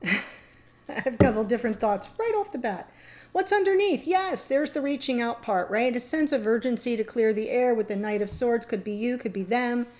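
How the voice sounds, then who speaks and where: Middle-aged lady doing a tarot reading, kinda high voice, rambly and chatty, laughs a lot. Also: normal speed, a little mellow. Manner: chatty, meandering, gets emotional and laughs. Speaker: tarot reader. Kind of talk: casual tarot reading to camera.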